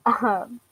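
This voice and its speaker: A woman's voice: a little high, fairly bright tone, husky, low-quality recording. A young woman from Washington chatting casually to her viewers, hesitant with frequent fillers and laughs. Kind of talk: casual chat answering viewers.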